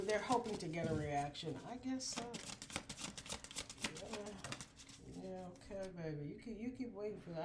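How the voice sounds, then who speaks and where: A woman giving a spiritual oracle card reading, drawn-out and preachy, full of affirmations. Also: mid-range voice, lively intonation, noisy background.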